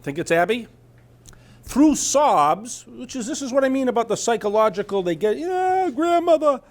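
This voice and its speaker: Chatty man, slightly high voice. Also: expressive, moderate pace. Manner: chatty, asks "right?" often, trails off mid-sentence. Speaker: presenter at a scam awareness talk. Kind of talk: informal talk reading from a news article.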